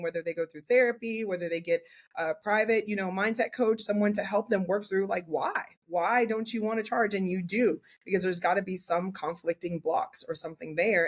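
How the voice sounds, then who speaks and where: A woman in her forties, a portrait photographer guesting on a podcast, telling her story in a candid, animated way. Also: mid-range voice. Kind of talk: casual interview chat.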